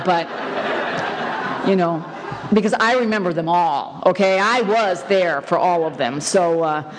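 A woman's voice: sits low, slight background noise. Candid wry woman in a reverberant hall. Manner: candid, wry, emphatic, many fillers. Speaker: speaker sharing her story at a recovery meeting. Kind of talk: personal testimony talk.

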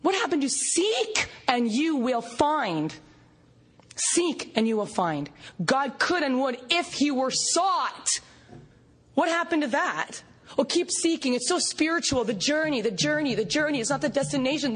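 A woman from Canada giving an animated recovery meeting share, storytelling with laughs and acted-out quotes. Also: high-pitched, slightly rough. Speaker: recovery fellowship speaker.

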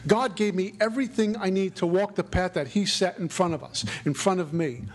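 A man's voice: sits high, brisk. A middle-aged man giving a spiritual recovery talk, earnest and reflective, with a preacherly lilt. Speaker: recovery speaker.

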